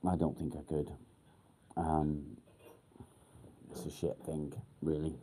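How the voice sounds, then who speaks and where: Deep-voiced man chatting on a live stream. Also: takes it slowly, slight background noise. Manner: relaxed, rambling with many ums, swears casually. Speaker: livestream host. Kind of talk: casual live chat.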